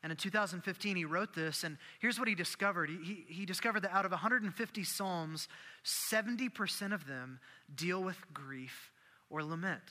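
A man preaching a sermon, animated and acting out the prayers and voices he quotes. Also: high-pitched, moderate pace, long reverb tail. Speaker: pastor.

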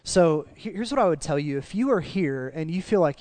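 A man preaching a sermon, telling stories in a conversational, earnest way that drops soft for emotional moments. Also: fairly high pitch, expressive, a little fast. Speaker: pastor. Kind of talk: sermon with storytelling.

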